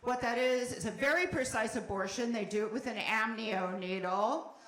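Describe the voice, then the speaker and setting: A middle-aged woman doing a stand-up comedy set, animated, with sudden shouted bursts and wry asides. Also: on the high side, moderate pace, echoey room. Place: comedy club.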